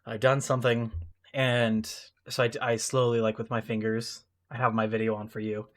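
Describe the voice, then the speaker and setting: A man's voice: mid-range voice, moderate pace. Man telling a rambling, self-mocking story. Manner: animated, self-deprecating, rambling with restarts. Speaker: podcast co-host. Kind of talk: casual storytelling.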